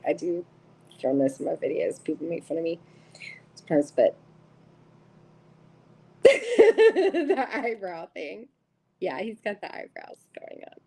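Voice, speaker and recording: A middle-aged woman chats her way through a live tarot stream, giggly and easygoing, greeting viewers one by one. Her pitch swoops up and down, and her voice has a gravelly rasp. She speaks at an unhurried pace. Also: a little mellow, poor audio. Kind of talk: casual live-stream chat.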